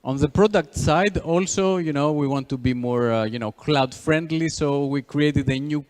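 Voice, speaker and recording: A man's voice: a little high, moderate pace, darkish tone. A Greek-accented man speaks at a conference, leaning on "you know" between phrases and restarting his words. His voice rings with the long reverb of a big hall. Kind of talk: tech conference talk.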